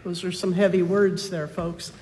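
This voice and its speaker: A pastor reading scripture, then gently coaxing children with many tag questions during a children's sermon in a church. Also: medium pitch, level tone, moderate pace, slight background noise. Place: church sanctuary. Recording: long church reverb.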